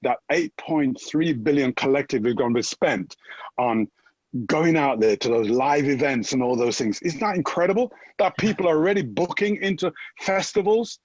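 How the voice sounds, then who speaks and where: A Jamaican man with a Jamaican accent chats as an upbeat fitness guest, energetically tagging his points with "right?" in a motivational conversation. His voice is a little high and comes at a normal speed, in a muffled recording without echo.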